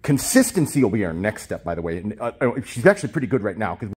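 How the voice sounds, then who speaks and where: Husky man explaining dog training. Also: quick pace. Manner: switches between calm explanation and high-pitched baby talk praising the dog. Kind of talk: casual training lesson filmed on a handheld camera. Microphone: handheld camera.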